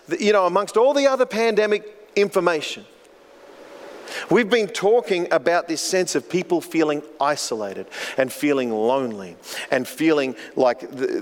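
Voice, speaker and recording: A man preaching a sermon in an earnest, storytelling way, his voice sitting a little high for a man. He often doubles back on words mid-thought. The sound rings out with a long hall reverb. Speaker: pastor.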